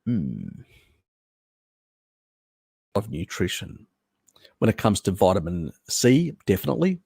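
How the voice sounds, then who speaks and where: A man's voice: on the low side, big pitch swings, takes it slowly, creaky, warm tone, slightly rough, dry recording, studio quality. A man hosting a live stream, answering viewer questions in a blunt, rambling way with many fillers and restarts. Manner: blunt, casual, swears. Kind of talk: unscripted live Q&A.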